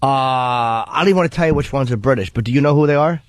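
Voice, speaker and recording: A man from New Jersey co-hosting a radio show, talking quickly and excitedly in casual chat. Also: medium pitch, no room sound. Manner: rapid, excitable, interrupting. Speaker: radio co-host. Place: radio studio.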